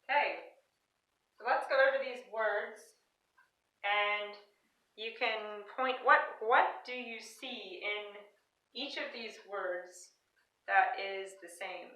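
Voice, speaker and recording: A woman's voice: medium pitch, slow pace, pauses often, sharp tone. A woman teacher, giving a cheerful, patient recorded lesson to young children from a classroom with a board. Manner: cheerful, patient, talks directly to the kids. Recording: echoey room, mic set far off.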